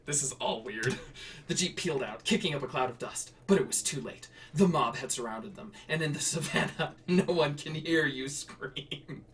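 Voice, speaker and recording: A man's voice: medium pitch, brisk, fairly bright tone, far from the mic, a little hiss or hum. A man streaming himself writing and reading flash fiction in a casual way, laughing and correcting himself with rambling asides.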